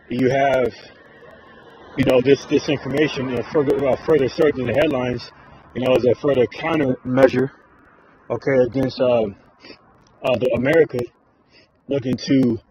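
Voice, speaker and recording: A man's voice: medium pitch, a little mellow, husky, dull audio. Rambling man, filler-heavy religious talk. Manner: rambling with constant fillers like all right and man. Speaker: religious commentator. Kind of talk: informal religious commentary. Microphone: phone screen recording.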